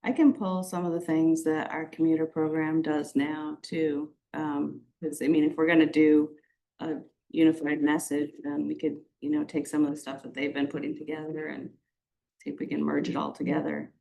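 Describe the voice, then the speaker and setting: A woman speaks at a town committee meeting in a casual, joking way, often trailing off into "I don't know." Her voice is very low with a gravelly fry. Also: little pitch movement, normal speed, dark tone, a little hiss or hum.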